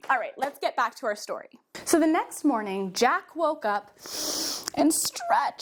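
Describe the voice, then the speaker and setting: A young woman teaching a children's movement storytelling class, giving animated, coaxing, sing-song instructions. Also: a little high, moderate pace. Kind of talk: guided movement storytelling for kids.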